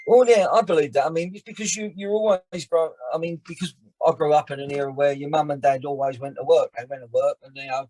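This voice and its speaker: A man, chatting as a guest on a podcast, animated and often restarting his sentences. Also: on the high side, quick pace, hardly any pauses. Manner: animated, frequent restarts and repeated words. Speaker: actor and filmmaker guest. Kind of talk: casual podcast chat.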